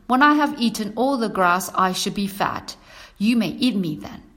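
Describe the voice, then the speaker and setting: A woman voicing a clever little male lamb in a children's story reading, with a bright, persuasive manner. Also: medium pitch, lively intonation, normal speed. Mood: clever, coaxing.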